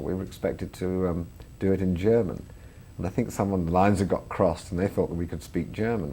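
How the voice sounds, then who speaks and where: Low, gravelly Englishman telling anecdotes. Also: warm tone, a little hiss or hum. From England. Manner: chatty, self-deprecating, laughs through stories. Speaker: guest, comedian and filmmaker. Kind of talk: interview anecdotes.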